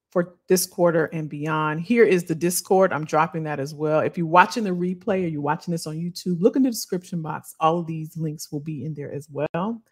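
A woman career coach chatting casually with viewers on a livestream, laughing often and calling them y'all. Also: low voice.

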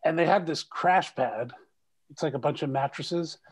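A middle-aged actor chatting as a guest over a video call, telling animated stories and laughing often. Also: male voice, on the high side, normal speed, husky. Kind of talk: casual video call interview.

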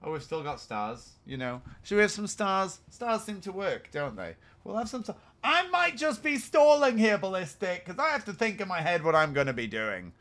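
A man, chatting excitably and rambling as he sets up a live game stream. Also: sits high, normal speed, few pauses.

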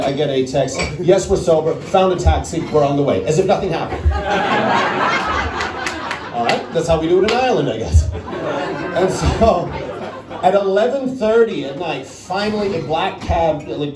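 Storytelling comedian in a roomy club. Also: male voice, fairly high pitch, distant mic. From Netherlands. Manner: chatty, acts out voices, talks to the crowd. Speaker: stand-up comedian. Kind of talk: storytelling stand-up. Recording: roomy club sound with crowd. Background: audience laughing.

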